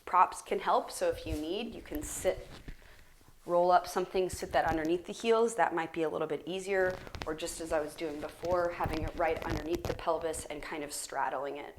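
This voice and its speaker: A young adult woman teaching a guided yoga class, explaining in a relaxed, casual way with plenty of fillers, recorded on a camera mic. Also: deep voice, moderate pace, slight background noise. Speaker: yoga instructor.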